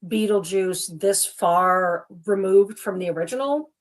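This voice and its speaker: A woman co-hosting a relaxed chat show, talking in a loose, rambling way. She restarts her sentences often and fills them with "like". She stays animated throughout and laughs easily at herself. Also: mid-range voice, unhurried. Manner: chatty and rambling, full of "like" and restarts. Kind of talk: casual chat.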